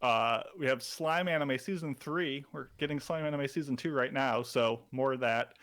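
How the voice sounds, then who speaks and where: A man's voice: medium pitch, moderate pace, a bit bright. Laid-back man with dry humor. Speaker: podcast co-host. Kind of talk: casual chat.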